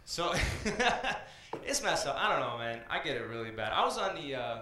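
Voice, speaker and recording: Bright-voiced man doing stand-up in a club. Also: medium pitch, sing-song, moderate pace, slight background noise. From Iran. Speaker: comedian and open mic host. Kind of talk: stand-up comedy. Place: small comedy club. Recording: echoey club room.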